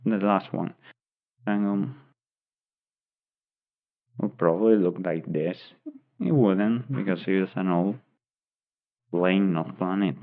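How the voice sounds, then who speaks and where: A man improvising a story aloud, rambling and thinking as he describes pictures, recorded on tinny phone-like audio. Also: on the low side. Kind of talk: unscripted story narration.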